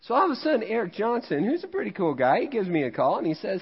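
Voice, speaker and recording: A man's voice: high voice, sing-song, fast talker, slightly rough. A man from Missouri preaching a sermon as pastor, telling a fishing story in a conversational, self-mocking way with frequent laughs. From Missouri, USA. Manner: jokey, conversational, laughs at himself. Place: church sanctuary. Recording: dull, long-reverb church hall recording.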